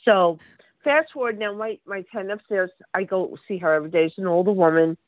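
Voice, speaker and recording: A woman's voice: medium pitch, fairly quick, dry recording. A woman working as a medium, telling her experiences in a casual interview, rambling and restarting her words often. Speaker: medium, guest. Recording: tinny phone-line sound.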